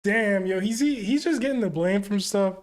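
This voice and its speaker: A man's voice: high-pitched, moderate pace. A man streaming a live reaction to a comic, reading panels aloud and reacting in casual slang. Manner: slangy, exclamatory, often ends lines with yo or bro; reads panels aloud between comments.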